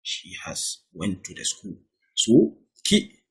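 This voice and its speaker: A man's voice: low-pitched, huge pitch swings, takes it slowly, fairly bright tone, breathy edge. A man teaching an Arabic lesson, who reads example sentences and then translates and explains each one.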